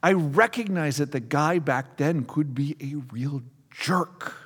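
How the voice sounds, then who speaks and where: A man's voice: a little high, slow pace, breathy edge. A pastor in his forties preaching a sermon, telling stories with self-mocking humor and acting out the people in them. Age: 40s. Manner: lively storytelling, acts out quotes, self-mocking humor. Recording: long reverb of a large hall.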